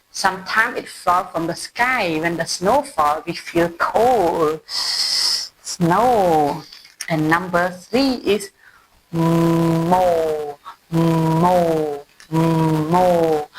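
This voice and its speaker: A woman's voice: fairly low pitch, breathy edge, rough recording. A woman from Cambodia with a Cambodian accent, teaching an English phonics lesson and repeating each word several times with simple explanations. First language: Khmer.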